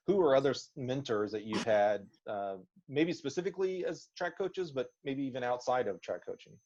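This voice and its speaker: A man's voice: mid-range voice, lively intonation, normal speed, darkish tone, muffled recording. A man hosting a podcast interview, talking enthusiastically and conversationally. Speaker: podcast host.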